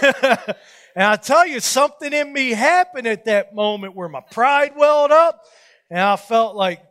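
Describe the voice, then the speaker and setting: High-voiced man telling a folksy sermon story. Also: measured pace. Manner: folksy, self-mocking, animated when retelling scenes. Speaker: preacher leading a Bible study.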